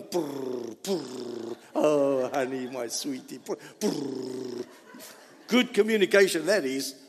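A man preaching a sermon, animated, with sudden loud bursts and low asides. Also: husky. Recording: reverberant hall.

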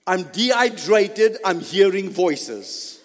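Preacher guy, very animated and theatrical, high lively voice, slow delivery, echoey hall. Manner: animated, theatrical, laughing often. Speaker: pastor. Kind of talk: sermon. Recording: echoey church hall reverb.

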